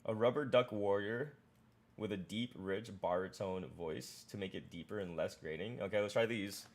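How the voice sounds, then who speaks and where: A man streaming live, chatting casually and excitedly, often repeating and restarting his words. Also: fairly low pitch, normal speed.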